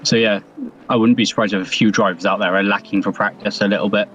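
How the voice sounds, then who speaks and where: A man's voice: fairly low pitch, little pitch movement, fast talker, fairly bright tone, recorded from a distance, a little hiss or hum, low-quality recording. A man commentating a sim race, chatty and self-deprecating. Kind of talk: live sim racing commentary.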